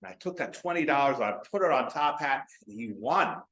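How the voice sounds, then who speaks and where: A man's voice: medium pitch, animated, brisk, a bit bright, lightly acted. A man doing a hopeful racetrack gambler. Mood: musing. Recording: roomy echo.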